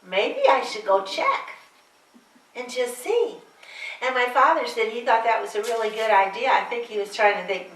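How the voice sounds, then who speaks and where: A woman's voice: a little high, a bit bright. A woman performing the aged Virgin Mary as a live character monologue, chatting wryly with the audience. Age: older. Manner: chatty, wry asides to the audience. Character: aged Virgin Mary, wry, homespun storyteller. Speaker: one-woman stage performer. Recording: echoey room, voice from a distance.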